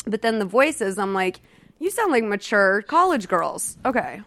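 A woman's voice: mid-range voice, big pitch swings, unhurried, noisy background. A woman hosting a podcast in casual chat, rambling, full of "like" and casual swearing. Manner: rambling, says "like" constantly, swears freely. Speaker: podcast host.

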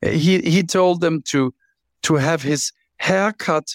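A man guest author telling stories in an interview, animated, often restarting and repeating words. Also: fairly high pitch, slow pace, no room sound. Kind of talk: interview storytelling.

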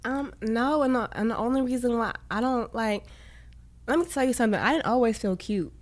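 A woman's voice: fairly high pitch, a little fast, slight background noise. Woman, guest, casual chat, playful, teasing, sick voice. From San Francisco Bay Area.

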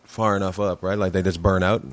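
Laid-back, lower-voiced male comedian guest. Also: little pitch movement, a little fast, no echo. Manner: laid-back, hesitant with fillers. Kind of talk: casual chat. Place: home man cave.

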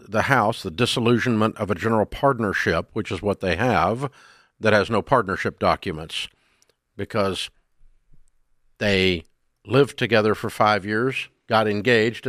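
A man's voice: fairly low pitch, a bit bright, dry recording, studio quality. An older man with a Southern US accent hosting a radio talk show, ranting bluntly and emphatically about money mistakes.

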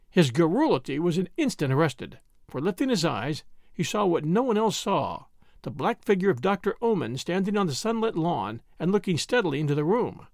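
Male narrator, expressive storytelling, high voice, very dry close mic. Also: a little fast, vocal fry, dry recording. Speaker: audiobook reader. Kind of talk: scripted narration of a mystery story.

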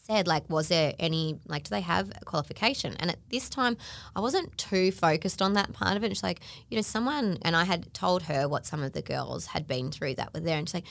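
A woman's voice: on the low side, brisk, gravelly. A woman chatting casually on a podcast, telling a long story and acting out the people she quotes, with lots of "like". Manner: animated, acts out quoted voices, frequent "like".

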